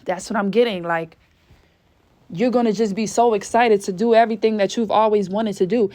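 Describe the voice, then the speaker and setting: A fervent woman gives a spiritual reading. She sounds out of breath, preachy and casual at once, swearing freely. Her voice sits at a middle pitch for a woman. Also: steady tone, fairly quick, mellow. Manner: fervent, exclaims whew often, swears casually. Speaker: spiritual reader.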